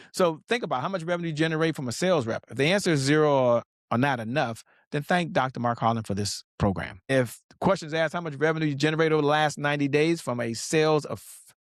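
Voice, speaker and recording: Animated man teaching sales. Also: a little high, no room sound, studio quality. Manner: emphatic, repeats "okay?", direct address to viewers. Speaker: business coach guest.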